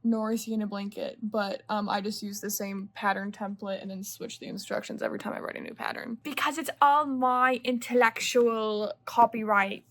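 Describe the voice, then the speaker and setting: A woman's voice: medium pitch, fairly even intonation, normal speed, hardly any pauses, a bit bright. A young woman vlogging in a casual, rambling way, partly whispered late at night. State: sleepy at two in the morning. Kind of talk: casual chat to camera.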